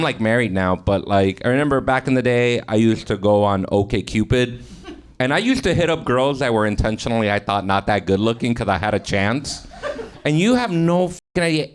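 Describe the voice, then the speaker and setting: A man doing improvised stand-up on a comedy club stage, swearing a lot and laughing at his own jokes. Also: medium pitch. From Mexican-American. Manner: profane, laughing, self-mocking banter with the crowd. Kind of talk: improvised stand-up from audience suggestions. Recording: live stage recording with noise.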